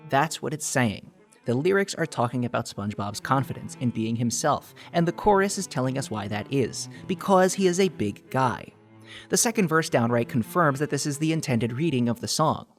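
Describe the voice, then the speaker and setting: A man narrating a mock-serious video essay over faint background music. His mid-pitched voice swings up and down in lively bursts, and he delivers over-the-top analysis with earnest gravity while nearly cracking up. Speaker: YouTube theory video host.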